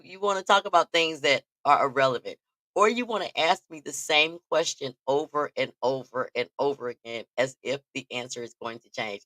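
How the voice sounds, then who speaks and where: Animated, tense-voiced woman host. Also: sits low, no echo. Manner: animated, laughs often, talks straight to listeners. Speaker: podcast host. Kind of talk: casual storytelling chat.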